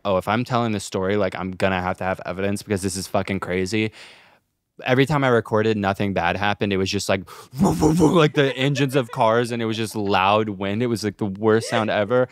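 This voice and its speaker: A man's voice: fairly low pitch, fairly quick, no room sound, clean studio sound. A young man co-hosting a podcast, telling a rambling, profane story in casual chat, heavy on fillers. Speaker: podcast co-host.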